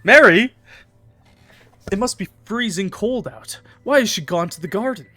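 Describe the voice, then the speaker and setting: A man voicing a bewildered zombie husband in a horror visual novel, soft and pleading. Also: high-pitched, lively intonation, moderate pace, soft background music, pitched above the performer's own voice.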